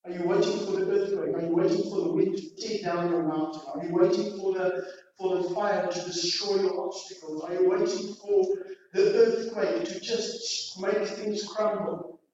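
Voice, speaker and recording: Male pastor, high voice, emphatic sermon delivery, distant dull recording. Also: steady tone, moderate pace. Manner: preaching with rising, emphatic exhortation and quiet dramatic drops. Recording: distant, echoey hall, dull sound.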